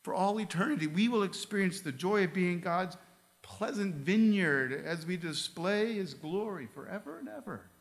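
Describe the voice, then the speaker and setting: A man's voice: sits high, lively intonation, moderate pace. A male pastor preaching a sermon in a church, reading scripture aloud and asking the congregation earnest questions. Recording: long reverb of a large hall.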